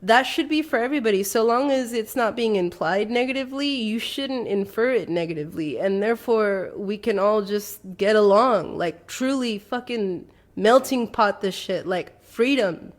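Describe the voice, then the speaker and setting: A woman's voice: mid-range voice, moderate pace, few pauses. A woman co-hosting a podcast in casual chat, rambling with many fillers and casual swearing. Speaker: podcast co-host.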